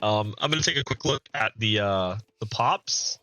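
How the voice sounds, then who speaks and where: A man with a bright, forward voice talks through a community strategy match. He commentates casually and reads out players' chat with amused chuckles, close to a desk mic. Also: lowish voice, lively intonation, normal speed. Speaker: streamer.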